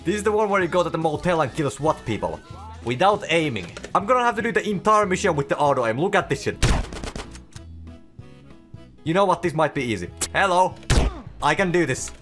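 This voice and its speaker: A man commentates his own gameplay in a high, lively voice that swings from excited cheering to frustrated yelling, swearing freely the whole time. Faint game music plays under him. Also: a little fast, long pauses. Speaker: gaming YouTuber.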